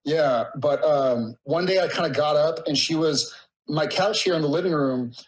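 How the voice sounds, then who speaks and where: A man's voice: fairly high pitch, moderate pace, rough recording. A man in his thirties, a podcast guest, telling a rambling, emotional story in casual conversation.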